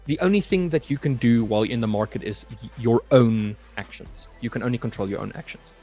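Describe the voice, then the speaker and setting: A man's voice: mid-range voice, brisk, dark tone, faint music behind. A young man hosting a live trading stream, chatting casually and reading viewer comments aloud. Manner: reads viewer comments aloud and chats loosely, saying "mate" often.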